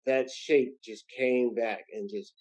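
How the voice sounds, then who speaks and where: A man's voice: medium pitch, steady tone, slow pace, darkish tone. A middle-aged man from New Jersey, a guest comedian telling a story in casual chat with street slang.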